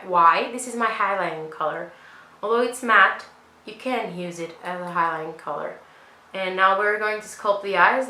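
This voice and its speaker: Bright-voiced woman chatting through a makeup tutorial. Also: medium pitch, roomy sound, low-quality recording. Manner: chatty, self-mocking, rambling asides. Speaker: beauty vlogger. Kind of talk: casual makeup tutorial chat.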